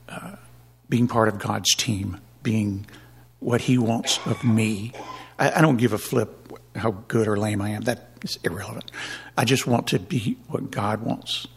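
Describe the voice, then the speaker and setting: Gravelly husky man giving testimony. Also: on the low side. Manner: rambling, restarts, chuckles. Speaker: church member giving testimony. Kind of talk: spoken personal testimony.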